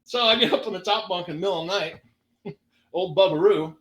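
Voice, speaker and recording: Guy doing a stand-up bit, high bright voice, keeps laughing at his own jokes, echoey room. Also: moderate pace, pauses often. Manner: animated, laughs through his own punchlines. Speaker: guest, former stand-up comedian. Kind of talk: stand-up storytelling on a podcast.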